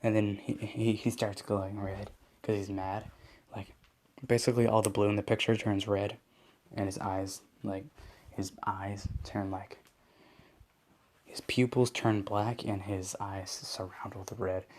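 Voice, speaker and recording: A man's voice: lowish voice, little pitch movement, unhurried, a little mellow. A man improvising a fan story aloud, rambling with many restarts.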